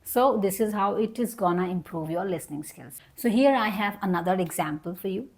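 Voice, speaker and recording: A woman's voice: mid-range voice, lively intonation, fairly quick. A young adult woman teaching an online English lesson. She explains each point patiently, repeats herself and models example sentences.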